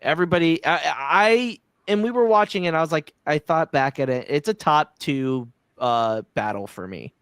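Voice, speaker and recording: A man's voice: fairly high pitch, lively intonation, moderate pace, hardly any pauses, fairly bright tone, smooth, dry recording. A man co-hosting a casual fan podcast, steering the conversation back on track. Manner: steers the talk, acts out lines from scenes. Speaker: podcast co-host.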